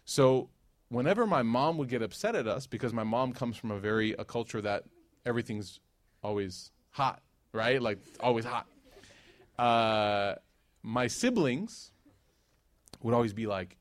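A man preaching to a live audience, telling stories in a lively rhythm and dropping into hushed asides. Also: mid-range voice, unhurried. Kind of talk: sermon.

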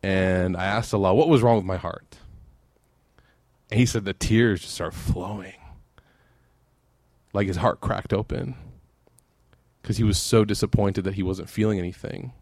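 A man's voice: on the low side, unhurried, pauses often, darkish tone, no room sound, studio quality. A man giving a sermon, telling a story and then closing in fervent prayer. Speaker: preacher.

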